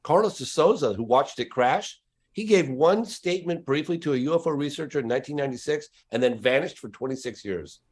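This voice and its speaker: A man's voice: on the high side, lively intonation, brisk, slightly rough. A man who is a documentary filmmaker, talking as a guest in a casual podcast interview with emphatic, insistent stress on his words.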